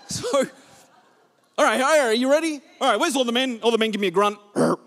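Animated, high-voiced man preaching a sermon. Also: brisk. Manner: animated preaching that leads the congregation. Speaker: pastor. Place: church hall with a congregation.

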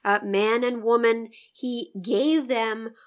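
A woman teaching a poetry lesson in an enthusiastic, engaged way, reading lines aloud with emphatic pauses. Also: a little high, steady tone. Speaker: literature teacher. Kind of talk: literary discussion lesson.

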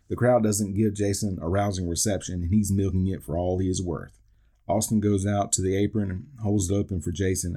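Low-pitched and warm with a slight roughness, a man narrates a wrestling match recap for his podcast, play by play. Dry wisecracks and asides fill the gaps between his calls of the moves.

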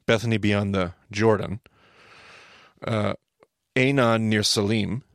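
Hosting a podcast, a man explains things in a relaxed teaching style, speaking emphatically and often correcting himself mid-sentence. His fairly low voice stays steady and slow, recorded dry with clean studio sound.

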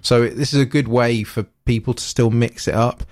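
A man's voice: mid-range voice, fairly even intonation, moderate pace, a little mellow, no room sound, clean studio sound. A man co-hosting a podcast, chatting casually about hobby news and rambling with frequent fillers and restarts. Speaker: podcast co-host. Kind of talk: casual chat about tabletop miniatures news.

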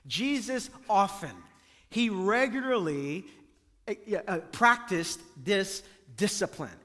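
High-voiced preacher in a reverberant hall. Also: male voice, lively intonation, takes it slowly, bright, forceful tone. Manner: emphatic preaching with repeated phrases and call to the congregation. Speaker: pastor. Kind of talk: sermon. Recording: long reverb of a large hall.

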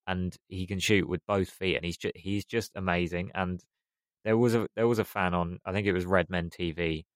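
Deep-voiced enthusiastic football pundit. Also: male voice, fairly even intonation, normal speed, no echo. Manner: enthusiastic, piling up clauses. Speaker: podcast pundit. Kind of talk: casual football discussion.

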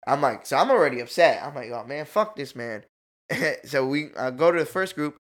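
A man telling a story in a casual, animated chat, full of slang and swearing. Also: mid-range voice, moderate pace.

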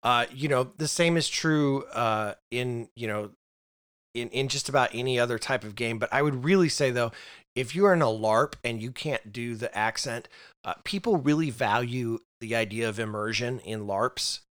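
A man talking through role-playing tips in a relaxed podcast chat. He often restarts sentences and doubles up his words as he thinks aloud. His pitch sits in the middle of the usual male range. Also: normal speed, clear, resonant tone. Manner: hesitant, repeats words while thinking aloud. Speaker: podcast co-host. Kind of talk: casual chat about role-playing games.

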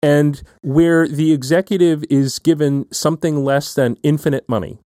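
A man's voice: a little high, fairly even intonation, normal speed, mellow, dry recording, studio quality. A man hosting an academic talk, building long, careful questions and often checking in with "right?". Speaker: podcast host. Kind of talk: academic conversation.

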